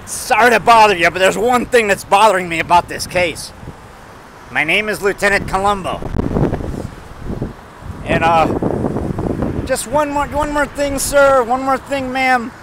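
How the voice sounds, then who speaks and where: A man's voice: sits high, unhurried, long pauses, background noise. A man doing an impression of a rumpled, overly polite TV detective, hesitant and apologetic, with trailing ums.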